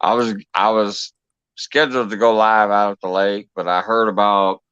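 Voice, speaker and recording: A man's voice: fairly low pitch, steady tone, moderate pace, fairly bright tone, clean tone, dry recording, lo-fi sound. A man hosting a casual live-stream chat, talking his viewers through each step as he sets things up. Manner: chatty, talks through each step while fixing links. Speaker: livestream host.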